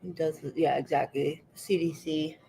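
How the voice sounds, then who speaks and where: A woman's voice: deep voice, steady tone, unhurried, warm tone, slight background noise. A woman in her thirties chatting casually while baking in her kitchen, answering her live chat by name and swearing freely. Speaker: livestream host. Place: home kitchen.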